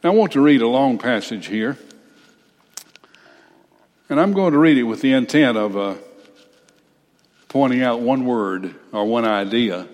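An older man preaching a sermon, reading scripture slowly and breaking off for folksy, blunt asides. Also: mid-range voice, darkish tone. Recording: reverberant hall.

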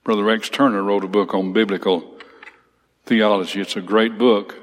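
Speaking in a lowish, steady voice at a moderate pace, a man gives an expository Bible lecture, first reading scripture out loud, then unpacking it with forceful repetition. The setting is a church classroom with slides, and the audio has long hall reverb.

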